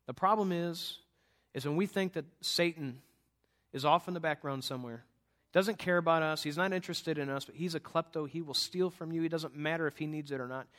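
A middle-aged man preaches a sermon in a church setting, his voice sitting a bit high for a man. He tells a story casually, with loose restarts and fillers, before turning to a plea. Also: a bit bright. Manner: conversational storytelling, halting restarts.

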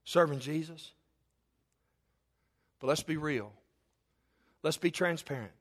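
A man's voice: on the high side, slow pace. A middle-aged male pastor, preaching a sermon with stories that build to an emphatic, rising delivery.

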